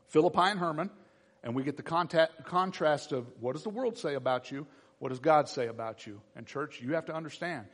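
A male pastor preaches with a lively, swooping delivery, his voice slightly breathy. He speaks from the front of a church, and his words ring out with a long echo through the hall. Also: a little high. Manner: animated preaching, acts out voices of people. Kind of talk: sermon. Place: church sanctuary.

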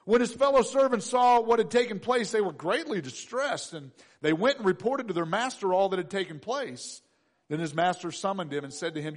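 A male pastor preaching a sermon, emphatic, repeating key phrases and swinging between loud and hushed delivery. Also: sits high, expressive, a little fast.

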